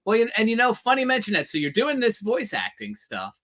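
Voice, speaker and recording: A man's voice: high voice, huge pitch swings, brisk, fairly bright tone. A man hosting a live-stream interview over a video call, eagerly reading out viewer questions with rambling lead-ins. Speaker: host.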